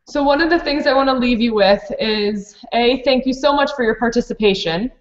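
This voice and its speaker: Woman presenter, matter-of-fact tone, higher voice, dull lo-fi recording. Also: brisk. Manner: practical, matter-of-fact, with many fillers. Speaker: preschool program director presenting to teachers. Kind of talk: webinar talk for teachers. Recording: dull lo-fi webinar audio.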